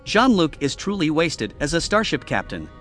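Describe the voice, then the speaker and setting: A man's voice: a little high, normal speed, soft background music, pitched above the performer's own voice. A man voicing Q, a smug, mischievous, godlike male trickster entity who mocks everyone theatrically. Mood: mocking. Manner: theatrical, mocking, lively.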